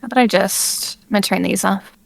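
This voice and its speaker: A woman streaming from home as a guest, talking softly and hesitantly, a bit self-deprecating. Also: medium pitch, quick pace, vocal fry, no echo. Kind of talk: casual chat. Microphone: home streaming mic.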